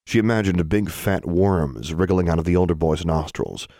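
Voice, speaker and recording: Deep-voiced male audiobook narrator, animated pitch, dry studio sound. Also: normal speed, dry recording. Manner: expressive storytelling.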